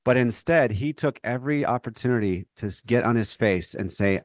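A man's voice: mid-range voice, brisk, hardly any pauses, no room sound, studio quality. A man speaking as an author guest in a faith radio interview, earnest and thoughtful, sometimes restarting his phrases.

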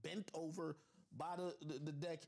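A man on a livestream telling a personal story in an animated, profane way, addressing his viewers with lots of asides. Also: a little high, moderate pace, creaky. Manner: animated and profane, with constant "I'm like" asides to the audience. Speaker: livestream host.

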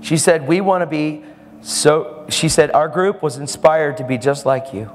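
Man preaching with animated storytelling. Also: fairly high pitch, measured pace, a little hiss or hum. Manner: animated storytelling, acting out the other people in his story. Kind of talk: sermon storytelling. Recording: live hall with long reverb and faint ambience.

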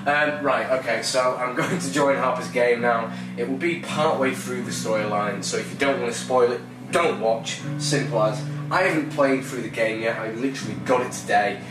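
A young man hosting a let's play, excitable and laughing, whooping and swearing casually as he plays. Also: mid-range voice, normal speed, few pauses. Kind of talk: excited gaming commentary. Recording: roomy, distant mic with game music. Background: game music.

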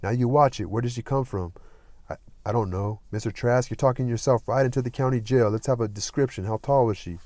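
A man's voice: medium pitch, a little fast, darkish tone, no echo, lightly acted. A man voicing a blunt, uneasy small-town deputy who questions pushily and turns stern. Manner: pushy questioning, growing stern.

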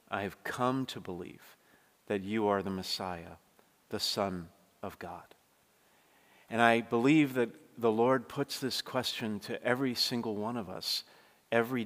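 A man delivers a sermon from the pulpit in a voice of middle pitch. He is earnest, dropping to near-hushed tones and then building to forceful climaxes. The sound carries a long church-hall reverb. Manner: earnest preaching, dynamic swings from hushed to forceful. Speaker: pastor.

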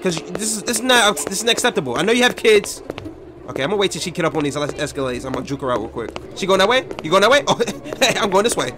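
High, excitable young man gaming. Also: rapid-fire, noisy background. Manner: jumpy and loud, yelling and trash-talking. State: out of breath. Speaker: gaming YouTuber. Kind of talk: excited horror game commentary.

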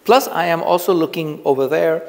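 Gravelly man teaching in a reverberant room. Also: fairly high pitch, a little fast. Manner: relaxed, conversational, repeats phrases for emphasis. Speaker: public speaking teacher. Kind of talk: casual on-camera lesson. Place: indoors, filming himself on camera. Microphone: camera mic, speaking to camera.

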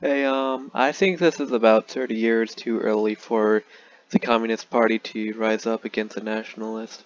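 A man's voice: on the low side, moderate pace, dull audio. Joking young man narrating a strategy game. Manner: joking, rambling with fillers, deadpan dark humor. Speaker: gaming YouTuber. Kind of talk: casual gameplay commentary.

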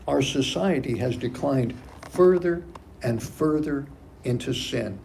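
A man's voice: a little high, warm tone, a little hiss or hum. A man preaching a sermon as pastor of a church, emphatic and repeating key phrases for stress. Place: church sanctuary.

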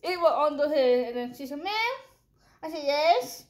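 A woman's voice: high voice, normal speed, a little mellow. A young woman chatting casually in a storytime vlog, rambling and slangy, swearing freely, talking into a headphone mic at home. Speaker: vlogger.

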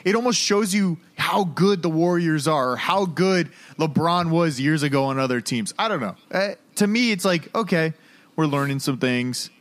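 Male co-host, casual and teasing, with a voice pitched a little high. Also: animated, fairly bright tone. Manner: teasing, quick banter. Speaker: podcast co-host. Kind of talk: casual chat.

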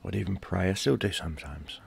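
Low-voiced man ranting hotly. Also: a little fast, creaky. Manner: heated and profane, swings between low mutter and loud outbursts. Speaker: gaming YouTuber. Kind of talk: ranting monologue.

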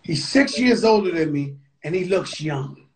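A man's voice: on the high side, lively intonation, a little slow, darkish tone. A man hosting a live video chat, telling stories animatedly and swearing freely. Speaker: host. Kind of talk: casual live-stream chat. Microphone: phone on a live video call.

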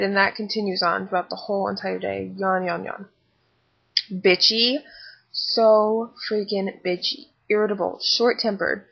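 A woman's voice: mid-range voice, little pitch movement, moderate pace, gravelly, fairly bright tone, breathy edge, low-quality recording. A young woman in her twenties, tired and candid, chatting in a pregnancy vlog recorded on a laptop webcam. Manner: chatty and candid, lots of fillers and asides. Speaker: vlogger.

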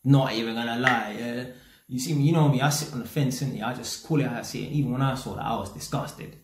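London guy ranting to camera, lots of slang and swearing, middle pitch, roomy echo. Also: fast, slight background noise. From England. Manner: blunt, animated, heavy slang and swearing. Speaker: YouTube commentator. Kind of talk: casual opinion rant.

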